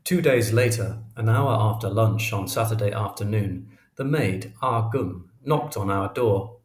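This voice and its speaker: Male audiobook narrator, low voice, roomy echo, measured and expressive. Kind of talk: audiobook reading of a memoir.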